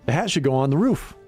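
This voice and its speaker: A middle-aged man chatting casually on a livestream, rambling and swearing, laughing often. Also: mid-range voice. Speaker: livestream gamer. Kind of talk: casual chat to stream chat.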